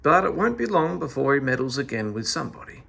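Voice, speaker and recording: A man reading a children's story aloud in an expressive, animated storytelling manner. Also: mid-range voice, fast, vocal fry, husky.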